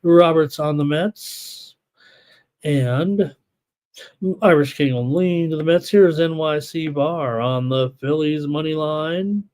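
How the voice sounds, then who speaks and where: A slightly high, slightly mellow male voice fronts a live sports betting broadcast. Stats and odds come in a quick rundown, chat picks get read out, and the tone stays casual with side comments.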